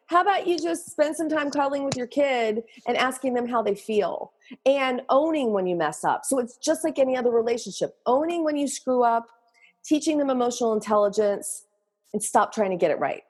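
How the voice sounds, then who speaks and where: A woman's voice: fairly high pitch, animated, a little fast, a little mellow, slightly rough. Candid middle-aged woman guest. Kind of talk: casual podcast interview.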